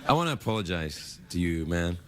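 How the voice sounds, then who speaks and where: A man's voice: sits low, very animated, a little fast, a crowd in the background. A man hosting a late-night talk show, bantering with a guest in a teasing, mock-dramatic way. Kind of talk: playful comic banter. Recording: loud background noise.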